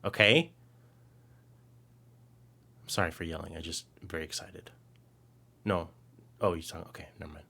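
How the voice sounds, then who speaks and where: A man co-hosting a live stream, chatting casually and excitedly, reading out viewer comments and rambling. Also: deep voice, moderate pace, vocal fry, pauses often, slightly rough. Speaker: co-host.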